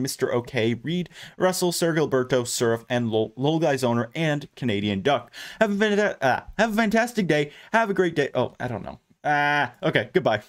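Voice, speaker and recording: Male gaming host, casual commentary over his own play, rambling and chatty, talks through each step. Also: mid-range voice. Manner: chatty, thinks aloud with frequent fillers and restarts.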